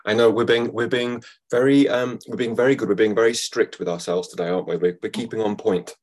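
A man talking casually as a podcast guest, gentle and chatty. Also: fairly low pitch, fairly even intonation, brisk. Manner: gentle, chatty, laughs easily. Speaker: guest, law of attraction and yoga teacher. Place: studio.

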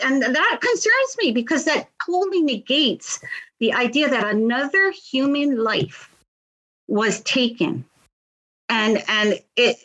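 A woman's voice: on the high side, fairly bright tone, poor audio. A middle-aged woman, telling her story in an interview, earnest and impassioned, often repeating words. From Hawaii. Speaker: victims' advocate, guest.

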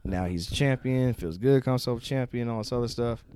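A man co-hosting a casual wrestling podcast, recapping shows and mimicking wrestlers in high voices. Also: a little fast, darkish tone, a little hiss or hum. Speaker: podcast co-host.

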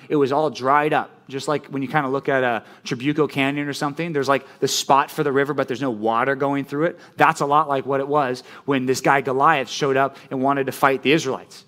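Socal guy preaching to youth, chatty and animated, lots of likes and ums. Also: mid-range voice. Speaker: youth pastor. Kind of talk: casual youth sermon.

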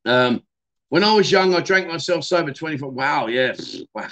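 A man's voice: a little high, expressive, normal speed, fairly bright tone. A middle-aged man, hosting a casual livestream and chatting loosely with many fillers and restarts. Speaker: livestream host.

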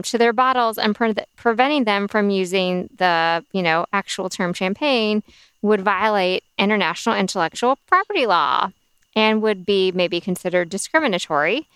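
A woman's voice: mid-range voice, fairly bright tone, clean tone, dry recording. Tipsy, chatty woman podcast host. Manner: chatty, scattered with fillers. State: a little tipsy from wine. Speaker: podcast co-host presenting drinks news. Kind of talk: casual chat.

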